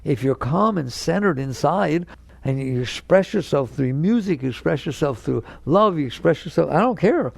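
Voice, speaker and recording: Speaking at a moderate pace, this man has a slightly high, expressive, gravelly voice recorded without echo. As a spiritual teacher addressing an audience, he stresses and repeats key words and voices inner thoughts as quotes, chuckling along.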